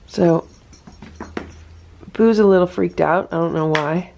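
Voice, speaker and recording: A woman's voice: fairly low pitch, slow, gravelly, warm tone, highs cut off, slight background noise. A woman vlogging casually at home about her rescue cats, explaining what they do and talking sweetly to them. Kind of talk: casual narration to camera. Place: home indoors.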